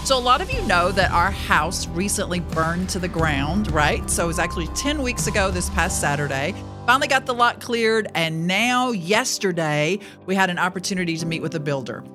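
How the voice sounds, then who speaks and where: Woman, ministry host, animated storytelling, laughs often, quoted voices. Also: lowish voice. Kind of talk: storytelling testimony.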